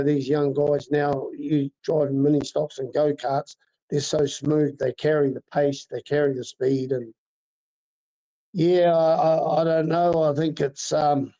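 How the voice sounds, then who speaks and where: Halting middle-aged man. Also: on the high side, mellow. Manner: halting, many fillers and restarts. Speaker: racing driver guest. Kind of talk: casual interview chat. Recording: dull lo-fi sound.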